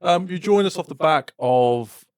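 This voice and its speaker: A man's voice: a little high, expressive, normal speed, smooth, no room sound. A man co-hosting a casual podcast, trading dry, wry quips. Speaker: podcast co-host. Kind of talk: casual chat. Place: home podcast setup, indoors.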